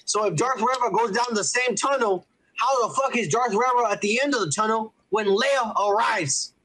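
A man's voice: very high voice, moderate pace, pushed and bright, a little hiss or hum, rough recording. A middle-aged man, co-hosting a podcast in crude, joking casual chat full of swearing. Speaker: podcast co-host. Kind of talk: casual profane chat reading viewer comments.

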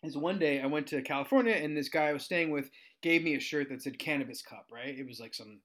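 Guy in his 30s telling funny stories, kinda high voice, does all the voices, gets loud and excited. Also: fast talker. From United States. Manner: animated, acts out quoted voices, jumps in pitch. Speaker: guest storyteller. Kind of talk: casual storytelling chat.

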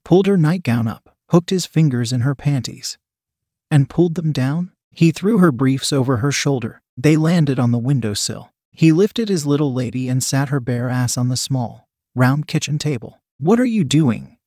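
A man narrating a story in a steady, storytelling way. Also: mid-range voice, moderate pace, dry recording, studio quality.

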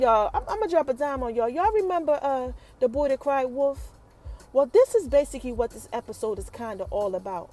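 A high-voiced woman hosts a podcast, recapping a TV episode in an animated, chatty style and addressing her listeners directly.

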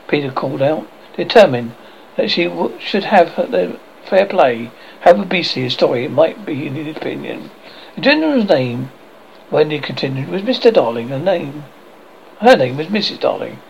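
A man reading a classic children's novel aloud as an audiobook narrator, expressive and lively. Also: fairly high pitch, normal speed, vocal fry, highs cut off, slight background noise. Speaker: audiobook reader.

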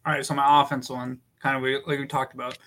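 Fast, flat-toned, bright-voiced man. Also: medium pitch, rough recording. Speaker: podcast panelist. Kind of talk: casual sports podcast chat.

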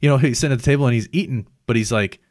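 A man's voice: medium pitch, very fast. A man in casual chat, telling funny stories with lots of laughter and profanity, acting out what people said. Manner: animated storyteller, laughs often, acts out quotes.

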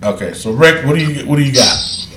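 A man's voice: mid-range voice, animated, brisk, a bit bright. A man hosting a casual wrestling podcast, laughing often and talking in a loose, profane way. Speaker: podcast host. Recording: roomy echo.

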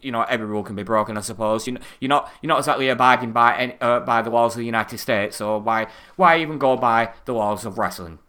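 A man's voice: medium pitch, fast talker, hardly any pauses, sharp tone, clear, resonant tone. A man co-hosting a podcast, ranting casually and swearing a lot in exasperation. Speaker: podcast co-host.

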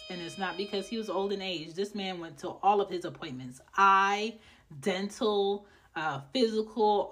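A woman in her thirties hosts a podcast and talks in a low voice. She gives advice in a casual way that is blunt, profane and preachy. Faint music plays behind her. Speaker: podcast host. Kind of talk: casual monologue with life advice.

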